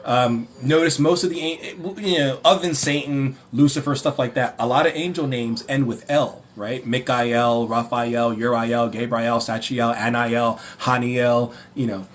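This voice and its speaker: A man hosting a livestream Q&A, ranting and mocking in an animated way, often rambling and correcting himself. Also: medium pitch, measured pace, hardly any pauses. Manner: animated, mocking, breaks into laughter. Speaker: livestream host.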